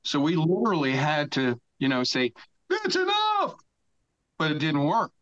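On a podcast, a man in his sixties gets animated telling a lengthy story in a casual way, cursing freely and yelling out the quotes. He talks a little fast in a fairly high voice, and the audio is dull.

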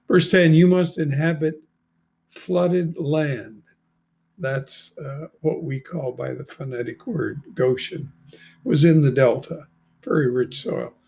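An older man in his seventies reads scripture aloud at an unhurried, deliberate pace and stops now and then to comment. His voice is gravelly and sits slightly high for a man. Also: mellow. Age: 70s. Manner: slow, deliberate reading with brief asides. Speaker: Bible reader and commentator.

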